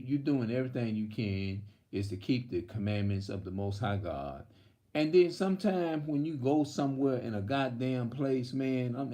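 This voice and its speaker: A man's voice: mid-range voice, mellow, roomy sound. A man preaching in a rambling, heated, profane monologue. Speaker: religious video host.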